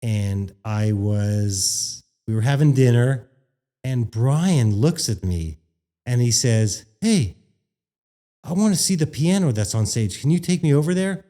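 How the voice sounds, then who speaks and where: A man from Canada chats on a podcast, telling a story in a warm, mellow voice. He is animated and acts out the quoted lines of dialogue in a higher voice. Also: unhurried. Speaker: podcast guest, former radio worker. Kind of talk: casual storytelling chat.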